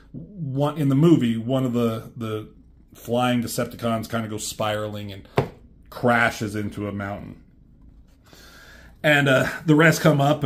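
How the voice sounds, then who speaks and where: Rambling man retelling a comic. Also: medium pitch. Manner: rambling, many fillers, swears. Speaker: reviewer.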